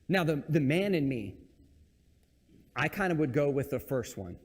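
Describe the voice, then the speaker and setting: A man with a fairly high voice preaches a relaxed, conversational sermon and jokes at his own expense. His voice rings out with a long reverb that trails through a church sanctuary. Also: moderate pace, pauses often, husky. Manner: casual, joking, self-deprecating.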